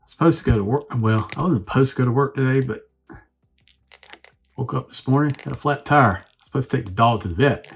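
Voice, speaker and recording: Husky-voiced man rambling through a toy review. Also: mid-range voice. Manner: rambling, thinking aloud while fiddling with a toy. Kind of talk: casual unscripted review.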